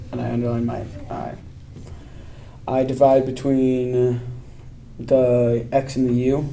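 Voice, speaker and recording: A man's voice: mid-range voice, dark tone, slight background noise. A teenage boy student in a classroom, reading hesitantly and correcting himself. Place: school classroom.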